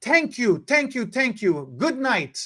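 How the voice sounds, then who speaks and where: A man voicing a cheerful, eager male drive-thru cashier who talks in short, halting, repeated phrases. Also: very high-pitched, big pitch swings, fairly bright tone, voice pushed up, heavily acted. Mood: overjoyed. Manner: halting, overjoyed, repeats himself.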